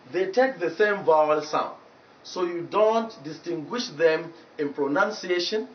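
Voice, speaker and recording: A man with a Nigerian English accent teaching pronunciation on local TV, saying each word slowly and repeating it for drills. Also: a little high. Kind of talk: broadcast pronunciation lesson. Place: TV studio. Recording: roomy, distant, dull local TV broadcast audio with faint noise.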